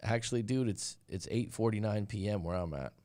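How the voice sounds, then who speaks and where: A man's voice: lowish voice, a little fast, darkish tone. A middle-aged man hosting a live stream as a dating and breakup coach, talking casually and bluntly and acting out little quotes as he tells stories. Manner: candid, blunt, storytelling with quoted voices.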